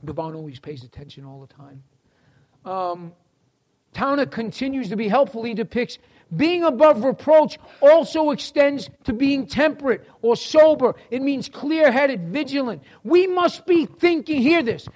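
High-voiced New York preacher. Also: male voice, expressive, a little slow, a little mellow. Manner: folksy, talks directly to listeners by name. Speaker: teacher of a church class. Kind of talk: sermon.

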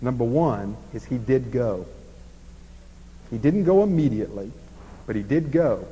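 Animated preacher man in a reverberant hall. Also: mid-range voice, measured pace, slightly rough. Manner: animated, swings from emphatic to hushed. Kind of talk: expository sermon.

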